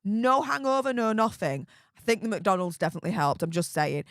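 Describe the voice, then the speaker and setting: A young English woman hosting a live stream, rambling in a chatty, excitable way with plenty of fillers and mild cursing. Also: medium pitch, fairly quick, no room sound, studio quality. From Yorkshire, England. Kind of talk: casual live stream chat.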